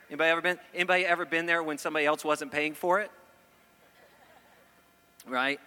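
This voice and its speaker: High-voiced guy preaching, jokey and animated, asks the crowd stuff, long echo from a big hall. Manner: animated, joking, asks the audience questions. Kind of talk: sermon. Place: church hall before an audience.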